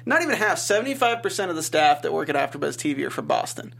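A man's voice: on the high side, sing-song, quick pace, creaky, fairly bright tone. A man co-hosting a TV after-show, chatting casually and joking while recapping an episode.

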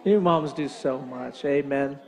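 A male pastor telling a humorous story in a sermon, reeling off rapid lists of chores and often checking in with "right?". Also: mid-range voice, creaky. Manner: animated joke-telling, rapid-fire lists, frequent "right?".

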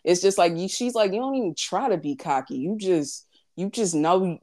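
A woman's voice: fairly low pitch, lively intonation, normal speed, darkish tone. A woman, talking bluntly and profanely in casual chat, repeating her points for emphasis.

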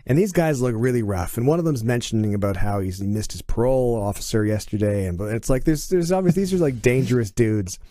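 A middle-aged man from Canada chats as a podcast guest and tells stories with animation, acting out the people he quotes. His voice is mellow and relaxed. It sits at an ordinary pitch and sounds dry and close. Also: quick pace, hardly any pauses, no echo. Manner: animated, acts out quoted dialogue. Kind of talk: casual conversation, storytelling.

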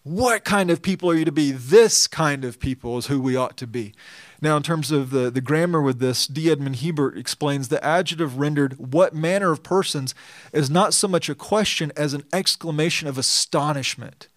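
A pastor giving an expository sermon, reading scripture and then explaining it earnestly and emphatically. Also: male voice, a little high, normal speed, no echo, studio quality.

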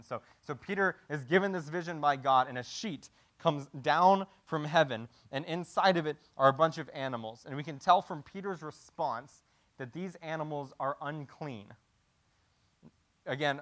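Conversational preacher man, slightly high voice. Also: a bit bright. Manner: conversational, restarts and repeats words, asks rhetorical questions. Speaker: pastor. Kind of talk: sermon.

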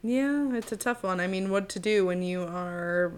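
A woman's voice: mid-range voice, moderate pace, clean tone. A woman co-hosting a podcast in casual chat, full of "like" and acted-out quotes. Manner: chatty, peppered with "like", acts out quotes. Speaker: podcast co-host.

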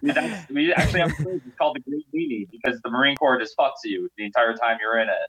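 A man's voice: medium pitch, fast, fairly bright tone, slightly rough. A man, a Marine veteran, telling blunt, profane boot camp stories on a podcast. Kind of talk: casual podcast storytelling. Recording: dull lo-fi audio.

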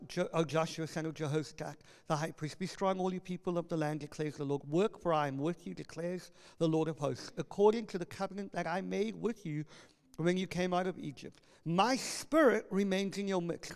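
High-voiced man preaching in a reverberant hall. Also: clean tone. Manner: impassioned preaching, rising to loud proclamations when reading scripture. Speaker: pastor. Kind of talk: sermon. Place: church hall. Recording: long reverb of a church hall.

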